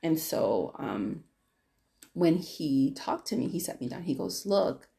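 Female podcast host, low dark voice with vocal fry, candid rambling monologue. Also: lively intonation, a little slow. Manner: candid, rambling storytelling with many restarts.

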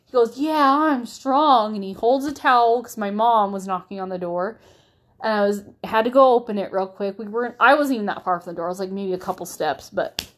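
Young mom rambling to camera, chatty and candid, lots of likes and ums. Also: female voice, medium pitch, fast. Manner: candid and chatty, with many fillers and restarts. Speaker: mother vlogger. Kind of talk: casual chat to camera.

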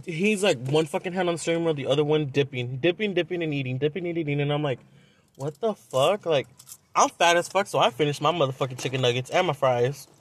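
A man's voice: fairly high pitch, fast talker. A young man from Southern California, telling a dating story on a podcast in a blunt, profane, casual way. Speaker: podcast host.

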